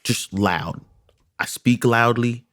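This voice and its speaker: Male, mid-pitched, loud animated talker, dry close recording. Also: slow, dry recording. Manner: loud and animated, repeats himself. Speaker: podcast co-host. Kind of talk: casual chat.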